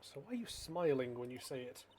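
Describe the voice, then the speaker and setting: A man's voice: mid-range voice, sing-song, brisk, darkish tone, a little hiss or hum, lightly acted. A man voicing a sweet, doting woman in a video game who speaks in a cooing tone. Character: sugary, doting young woman.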